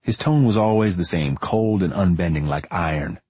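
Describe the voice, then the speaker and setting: Deep husky man narrating an audiobook. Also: warm tone, no echo. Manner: measured, deliberate, dry storytelling. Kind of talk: first-person audiobook narration.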